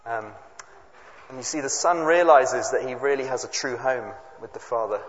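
A man at a family service, reading a Bible story aloud and explaining it to the children in a chatty way, with quick asides to the audience. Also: mid-range voice. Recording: echoey hall, dull lo-fi sound, faint noise.

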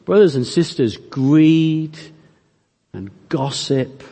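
A man preaching a sermon, earnest and emphatic, speaking directly to his congregation with slow, stressed phrases. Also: a little high, animated, dark tone, in a large hall.

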